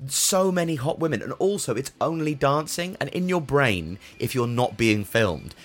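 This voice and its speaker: A man's voice: medium pitch, big pitch swings, moderate pace. A man co-hosting a comedic podcast, wry and argumentative, building up little rants. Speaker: podcast co-host. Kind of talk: casual comedic chat.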